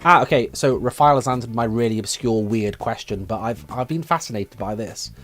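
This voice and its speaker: A chatty young man hosts a relaxed live stream from his room at home. He reads viewers' messages aloud and muses about them in an easygoing way. Faint music plays quietly behind his voice. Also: medium pitch, a little fast. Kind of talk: casual live stream chat reading comments.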